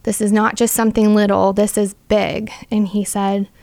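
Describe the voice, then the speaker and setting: A woman's voice: mid-range voice, level tone, normal speed, gravelly, darkish tone, no room sound. A young adult woman sharing a personal faith testimony as an interview guest, earnest and full of "like" fillers.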